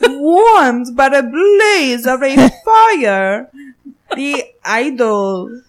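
A woman's voice: high voice, very animated, very slow, full character voice. A woman putting on a mock French accent to play a florid, grandiose beer taster reciting tasting notes like poetry. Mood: hammy.

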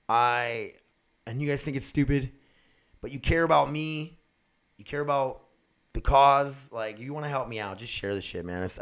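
Excitable, profane young man rambling. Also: mid-range voice. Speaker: podcast host. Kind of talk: rambling solo podcast chat.

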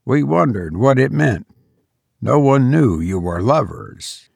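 A man's voice: mid-range voice, big pitch swings, slow, vocal fry, a little mellow, slightly rough, no room sound, heavily acted. A man voicing a solemn grieving man. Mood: grave. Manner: subdued, plain telling. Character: grieving man bearing sad news, solemn.

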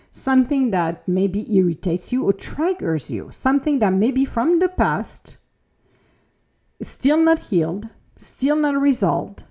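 Animated woman hosting a self-help podcast. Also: mid-range voice. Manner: expressive, conversational, acts out inner voices. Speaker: podcast host. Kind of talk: reflective self-help talk.

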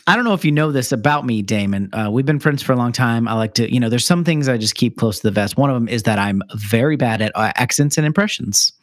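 Lively, self-deprecating man hosting. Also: medium pitch, no room sound, clean studio sound. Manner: playful, self-deprecating, quick with jokes. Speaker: podcast co-host. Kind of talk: casual comedic chat.

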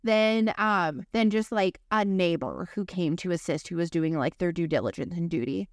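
In a casual podcast chat she co-hosts, a thirty-something woman shares a personal story, speaking frankly and swearing freely. Her lowish voice is expressive and moderately paced, captured in clean studio sound without echo.

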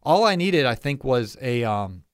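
Earnest, animated motivational talker, man. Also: medium pitch, measured pace, clear, resonant tone, dry recording, studio quality. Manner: earnest, animated storytelling with restarts. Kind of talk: motivational solo talk.

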